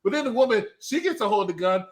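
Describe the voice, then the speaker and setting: A man's voice: high-pitched, lively intonation, fast talker. A man hosting a movie review show, casually and rowdily joking while retelling scenes. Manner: rowdy, joking, loud comic retellings.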